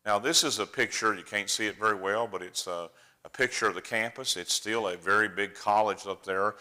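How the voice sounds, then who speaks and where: Low-voiced older preacher man, punchy bright tone, folksy and chatty with the church folks. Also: fairly quick. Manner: folksy, chatty storyteller addressing the room. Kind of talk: slideshow talk to a congregation.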